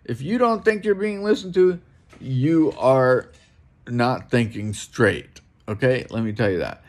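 A man's voice: medium pitch, expressive, a little slow, a little mellow. A middle-aged man ranting alone in a room at home, blunt and profane, repeating himself as he talks. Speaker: vlogger. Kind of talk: ranting monologue to camera.

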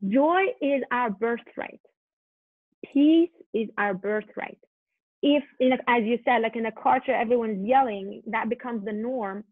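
Earnest higher-voiced woman on a tinny line. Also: measured pace, dry recording. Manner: earnest, animated, repeats words and restarts. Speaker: guest, parenting coach. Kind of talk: podcast conversation. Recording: dry tinny phone-line sound.

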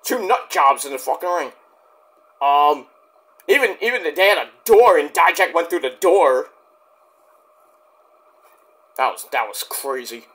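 A high, bright-voiced man recaps wrestling matches in a loose, rambling way. He swears freely, throws in jokes, and his pitch jumps all over the place. It comes across as relaxed, off-the-cuff chat. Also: normal speed. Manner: rambling, swearing, jokey asides. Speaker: wrestling show reviewer. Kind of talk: casual spoken review.

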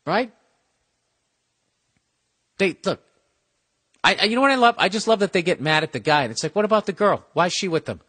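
A middle-aged man ranting on his own podcast, his voice sitting a little higher than most men's. He swears constantly and lurches from loud outbursts into low, grumbling mutters. The delivery is loose and conversational. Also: animated, fairly quick, long pauses, breathy edge. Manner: profane, ranting, swings between shouting and muttering. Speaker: podcast host. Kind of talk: casual comedic podcast rant.

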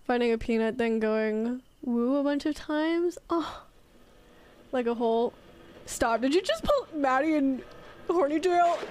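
Giggly high-voiced woman streamer. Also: darkish tone, no echo. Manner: giggly, chatty, reads out and answers chat. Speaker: livestreamer. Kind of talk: casual gameplay chat with viewers.

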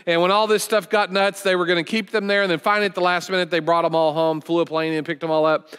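A man's voice: high-pitched, level tone, quick pace, a bit bright, clear, resonant tone. A middle-aged man preaching a sermon as a guest pastor, folksy and conversational, telling stories with frequent restarts. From United States. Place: church sanctuary. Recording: long church hall reverb.

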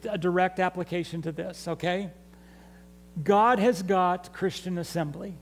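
A high-voiced man preaching slowly. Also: slight background noise, rough recording. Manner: conversational preaching, asks the congregation to respond. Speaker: pastor. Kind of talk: sermon. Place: church sanctuary.

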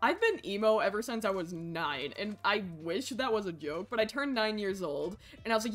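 Excitable woman streamer, pitch swinging wildly. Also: moderate pace, few pauses. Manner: excitable, swings from mumbling to shrieking. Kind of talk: live game commentary.

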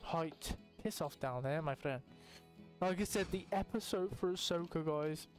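Young male gaming host, high-ish voice, hyped rambling banter, faint music under. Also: a little slow. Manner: excitable, rambling, swears casually. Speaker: gaming YouTuber. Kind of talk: casual let's-play commentary.

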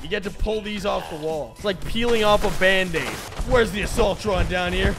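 A young man giving sarcastic, mocking commentary over a video game, with sudden excited outbursts. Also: high voice, a little fast. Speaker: gaming YouTuber. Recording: music playing behind voice.

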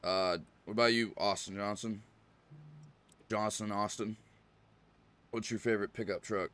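A man streaming a farming game, chatting casually and rambling, often clearing his throat. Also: on the low side, steady tone, measured pace, fairly bright tone. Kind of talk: casual live-stream chat.

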